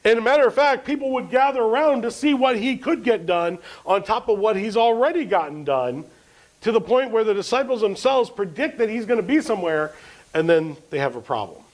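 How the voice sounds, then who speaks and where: A man's voice: high voice, animated, a little fast, poor audio. A man preaching a sermon as pastor, asking the congregation questions and answering them, and reading scripture with rising emphasis. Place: church service.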